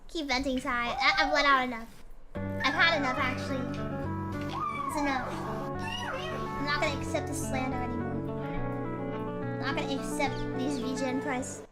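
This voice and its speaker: A woman's voice: high-pitched, fairly even intonation, moderate pace, long pauses, loud music behind the voice. A woman streamer chatting casually with her viewers, complaining in a playful, mock-dramatic way.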